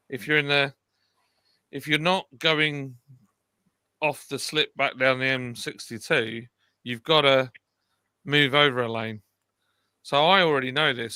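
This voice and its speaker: A man's voice: medium pitch, bright, forceful tone, clear, resonant tone, no echo. A man telling rambling anecdotes and correcting himself as he goes, in a casual livestream chat. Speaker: co-host.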